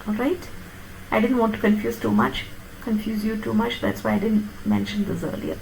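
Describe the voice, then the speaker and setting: A woman lecturing on phonetics, explaining step by step and checking that her students follow with quick tag questions. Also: mid-range voice, fairly even intonation, gravelly, a little mellow, a little hiss or hum, rough recording. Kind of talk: classroom lecture on pronunciation.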